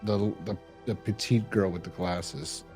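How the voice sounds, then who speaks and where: A man's voice: on the low side, fairly even intonation, a little slow, a little mellow, faint music behind. Rambling man hosting a review podcast. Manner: rambling, lots of fillers and "like". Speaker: podcast host reviewing a horror episode. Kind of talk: casual chat.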